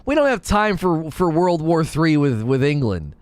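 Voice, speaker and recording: A man's voice: on the high side, sing-song, moderate pace, darkish tone, clear, resonant tone, no echo. A man chatting casually on a live stream, joking, laughing often and slipping into mock British voices.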